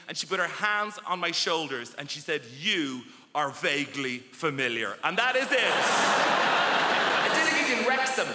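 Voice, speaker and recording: A man's voice: high-pitched, slight background noise. A male stand-up comedian performing a set on a theatre stage, animatedly acting out the voices of people in his stories. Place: large theatre stage with a laughing audience. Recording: echoey theatre hall with loud crowd.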